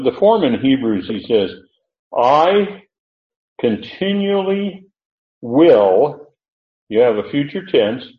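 A man teaching through a Bible passage verse by verse, thinking aloud with many pauses and restarts. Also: medium pitch. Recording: echoey room on a tinny, phone-like line.

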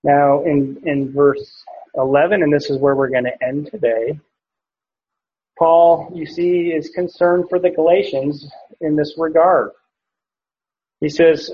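A man's voice: on the high side, a little slow, slight background noise. A man preaching, teaching a passage verse by verse, with frequent fillers and restarts. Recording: dull lo-fi recording.

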